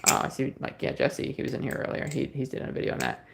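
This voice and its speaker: Male streamer, relaxed and rambling, reads and answers chat; voice has a gravelly edge. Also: mid-range voice, fast, noisy background. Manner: rambling, easygoing, many fillers and restarts. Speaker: livestream host. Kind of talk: casual livestream chat, reading viewer comments.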